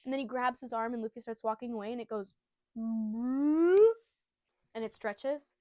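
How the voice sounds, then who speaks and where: A woman's voice: fairly high pitch, steady tone, fast talker, dry recording. A woman giving a casual, giggly and profane retelling of a comic chapter. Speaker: storyteller.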